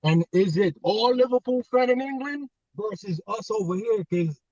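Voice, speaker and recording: High-ish american guy calling in, jokey slangy, dull far-off line, dry. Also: normal speed, no room sound. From United States. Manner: animated, joking, drawling slang. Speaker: caller. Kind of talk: casual call-in chat. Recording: distant dull call line.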